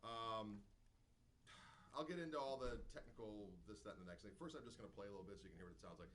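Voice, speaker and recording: A man's voice: fairly low pitch, fast talker, fairly bright tone, slight background noise, rough recording. A man casually telling a rambling story at a live guitar clinic, peppered with "you know". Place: music store clinic before an audience.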